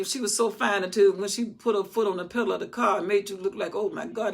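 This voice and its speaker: An older woman giving an informal, animated Bible teaching in a folksy way, acting out the scripture passages, her voice still recovering and a little worn. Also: mid-range voice, fairly quick, gravelly, husky.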